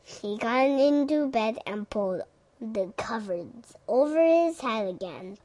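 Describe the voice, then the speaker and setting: A woman reading a children's story aloud slowly and carefully. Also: fairly high pitch, expressive, mellow. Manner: slow, careful.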